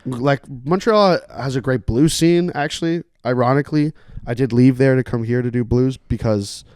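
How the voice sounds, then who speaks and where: A man's voice: mid-range voice, normal speed, darkish tone, no room sound, studio quality. A young man from Canada, a musician guest chatting casually on a podcast, rambling with lots of fillers and swearing.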